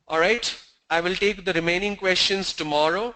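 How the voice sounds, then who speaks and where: A man's voice: on the high side, unhurried, long pauses, pushed and bright, low-quality recording. A man teaching a pronunciation class online, spelling words out letter by letter before saying them.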